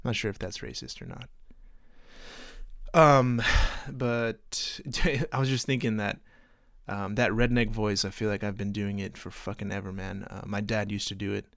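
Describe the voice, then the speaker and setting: A man's voice: on the low side, steady tone, moderate pace, gravelly, a bit bright, no room sound, clean studio sound. A man from Texas hosting a podcast, rambling in a profane, self-mocking way. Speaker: podcast host. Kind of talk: casual podcast monologue.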